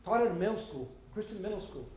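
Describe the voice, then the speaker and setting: High-voiced man in his fifties, echoey hall. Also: fast. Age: 50s. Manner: lively storytelling, mixes in Spanish phrases. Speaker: guest speaker. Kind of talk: motivational talk to students. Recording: echoey hall with faint ambience.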